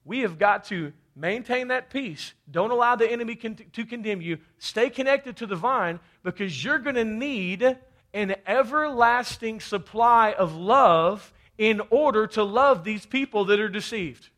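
A man's voice: high-pitched, lively intonation, measured pace, a bit bright. A man from Kentucky preaching a fervent sermon, often calling out for amens. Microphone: handheld or head mic.

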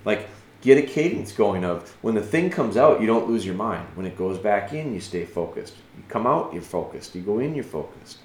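A man giving patient, earnest dog-training advice as a podcast host, thinking aloud and dropping soft and slow when he models calm commands. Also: fairly low pitch, reverberant. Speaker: dog trainer answering a listener.

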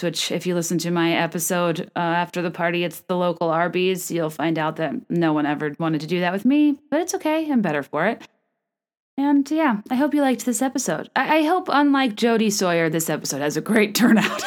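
Woman in her 30s doing a solo comedy podcast, rambly and self-mocking, chatty mic voice. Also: on the low side. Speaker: podcast host. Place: small room. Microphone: studio microphone.

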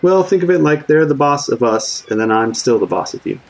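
A man's voice: mid-range voice, lively intonation, a little fast, soft background music, rough recording. Chatty, wheedling man playing a tabletop game. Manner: wheedling and chatty, often laughing, with frequent fillers. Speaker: player. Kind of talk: casual tabletop game play.

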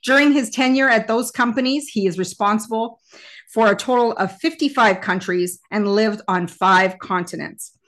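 A woman hosting an interview podcast, introducing her guest in measured list-like phrases and asking questions. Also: mid-range voice, a bit bright. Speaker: podcast host.

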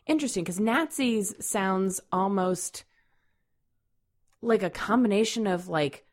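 A woman's voice: medium pitch, measured pace. A woman co-hosting a podcast in casual chat, with a dry, teasing manner. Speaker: podcast co-host.

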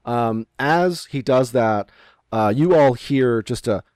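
A male game master narrates a tabletop adventure, often pausing on ums and uhs as he describes the scene. His voice sits at an ordinary pitch and sounds dry and close over a remote call. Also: darkish tone, clean tone, no echo. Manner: hesitant, many ums and uhs.

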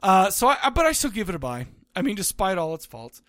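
A man's voice: high-pitched, huge pitch swings, brisk, a bit bright, no room sound. A man co-hosting a podcast in casual chat, rambling and restarting his sentences, often laughing. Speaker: podcast co-host.

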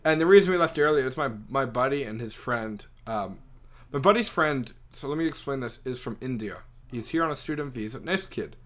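A man's voice: medium pitch, lively intonation, fairly quick, a bit bright. Rambling young man telling a story. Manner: rambling, filler-heavy storytelling with many "like"s. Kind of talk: casual chat.

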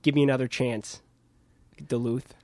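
A man's voice: medium pitch, flat delivery, moderate pace, darkish tone, no echo, natural voice. A man voicing an apologetic male TV weatherman with a Minnesotan accent, somber and pleading. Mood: somber apology.

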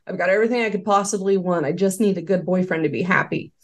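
A woman with a slightly low voice talks through her personal story as an interview guest. She is candid and earnest, loose in her phrasing, with frequent fillers. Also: fast. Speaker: interview guest, former quality control worker. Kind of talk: casual interview testimony.

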